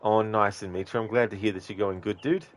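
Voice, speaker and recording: A man streaming a video game, chatting casually with viewers and joking, with a relaxed manner. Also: fairly low pitch, fairly quick, slight background noise. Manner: relaxed, jokey, chuckling at his own puns. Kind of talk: casual chat while reading viewer messages.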